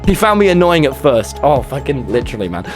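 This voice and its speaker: A young man tells a story in a rambling, casual way, peppered with swearing. His pitch swings widely as he talks. Faint music plays underneath. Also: very animated, quick pace. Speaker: guest telling stories. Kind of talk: casual chat.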